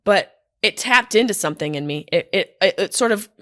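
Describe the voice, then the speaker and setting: A woman's voice: medium pitch, a little fast, no room sound. Comedian lady riffing on a podcast, cursing a lot, dry close sound. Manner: animated, profane, self-deprecating. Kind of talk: casual storytelling monologue. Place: hotel room.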